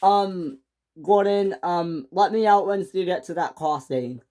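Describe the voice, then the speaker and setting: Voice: medium pitch, a little slow, warm tone, lightly acted. A narrator voicing a stern male railway boss in a top hat who scolds but hesitates with ums. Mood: businesslike.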